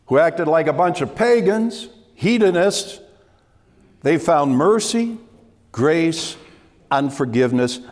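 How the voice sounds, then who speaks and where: A man preaching a sermon to his congregation in an emphatic way, repeating key phrases and dropping to a hush. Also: a little high. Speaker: pastor. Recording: long hall reverb.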